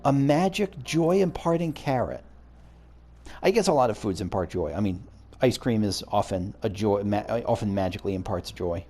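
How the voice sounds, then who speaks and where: A man's voice: fairly low pitch, animated, brisk, darkish tone. A young man chatting casually as he plays through a story game, trailing into rambling asides. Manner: rambling, self-correcting asides. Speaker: let's play host.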